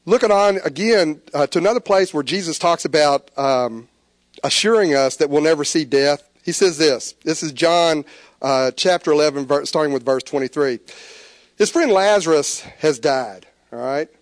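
A man preaching a sermon, animated, with stammered restarts. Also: on the high side, normal speed, dry recording, studio quality. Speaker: pastor.

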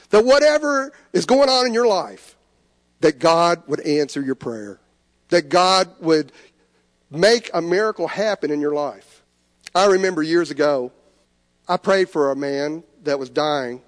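A man preaching a sermon in a church sanctuary, earnest, moving between soft pleading and lifted emphasis. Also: fairly high pitch, in a large hall. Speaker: pastor.

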